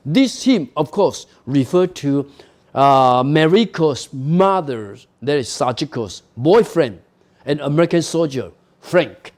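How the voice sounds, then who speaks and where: A man teaching a university literature class. He speaks slowly and carefully, and his pitch is fairly high and very expressive. He keeps checking in with "okay?" as he explains. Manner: explanatory, with frequent "you know" and "okay?" asides. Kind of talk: recorded university lecture.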